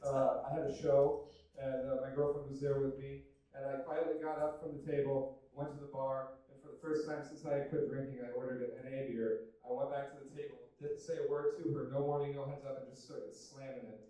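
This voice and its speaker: A young man doing a stand-up comedy set, self-deprecating and deadpan, with loose fillers and swearing. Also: medium pitch, a little fast. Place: comedy club stage with audience laughter. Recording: very echoey room, from some distance. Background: audience laughter.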